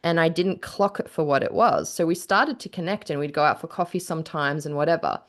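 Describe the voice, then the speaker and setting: A woman's voice: low voice, a little fast. A woman chatting candidly on a podcast, telling a personal story with lots of "like" and acting out what people said. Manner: candid storytelling, heavy on "like", acts out quotes. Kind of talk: casual chat.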